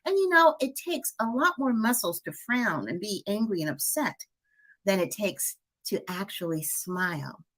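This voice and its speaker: A middle-aged woman speaks as a wellness coach in a relaxed live-stream conversation. She sounds upbeat and talkative, and laughs easily between her points. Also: medium pitch, moderate pace. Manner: upbeat, chatty, laughs often. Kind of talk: casual live-stream chat.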